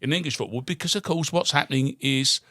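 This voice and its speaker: A man's voice: mid-range voice, fast, bright, forceful tone, dry recording, studio quality. A man co-hosting a casual history podcast, chiming in with wry jokes and agreement. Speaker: podcast co-host.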